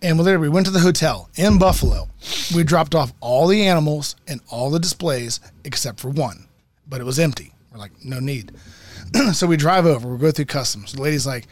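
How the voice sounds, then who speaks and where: A man telling a long story in casual chat, profane and animated, acting out both sides of a dialogue. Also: fairly high pitch, fast. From United States.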